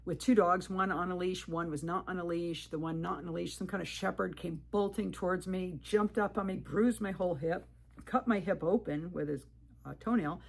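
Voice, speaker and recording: A woman hiker speaks straight to camera in a slightly low voice. She is candid and animated, and she stresses her warnings. She acts out conversations with "I'm like" and "he goes". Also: normal speed, creaky. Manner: animated, retells talk with 'I'm like' quotes; earnest and emphatic, warning viewers. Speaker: thru-hiker video creator.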